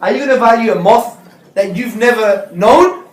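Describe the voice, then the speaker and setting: Animated man lecturing in an echoey hall. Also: high voice, a little slow. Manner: animated, joking, street slang. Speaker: Islamic speaker. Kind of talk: lecture to students. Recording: echoey hall recorded from far off.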